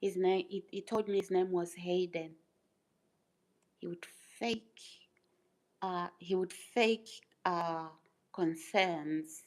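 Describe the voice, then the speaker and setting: A woman's voice: lowish voice, fairly even intonation, takes it slowly, pauses often, poor audio. A woman hosting her own livestream, speaking casually and emphatically to her chat, repeating phrases and asking rhetorical questions. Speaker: YouTuber livestream host.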